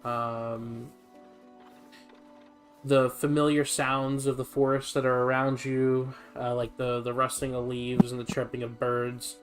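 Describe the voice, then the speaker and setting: A man narrating a tabletop game as game master, unhurried and filling pauses with ums as he sets the scene. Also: medium pitch, completely flat delivery, over music. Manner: unhurried, frequent ums while describing the scene.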